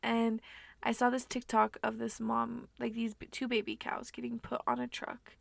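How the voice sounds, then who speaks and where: Gravelly-voiced young woman, rambling softly. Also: a little high, completely flat delivery, moderate pace, no echo. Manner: rambling, soft and tearful, many fillers. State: tearful. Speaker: vlogger. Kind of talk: emotional personal monologue.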